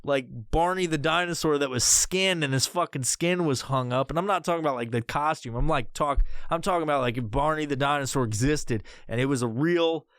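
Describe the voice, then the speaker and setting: A podcast host spins a loose, curse-filled comedic story, wandering from one thought to the next. His voice sits a bit higher than most men's. The sound is dry and close to the mic. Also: brisk, hardly any pauses, a bit bright, no room sound. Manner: rambling and heavily profane.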